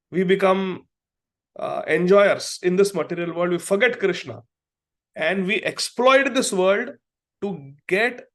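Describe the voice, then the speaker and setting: A middle-aged man, a preacher who is also a doctor, giving a devotional class lecture in an earnest, storytelling way. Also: high-pitched. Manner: earnest, storytelling with acted quotes. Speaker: preacher and physician.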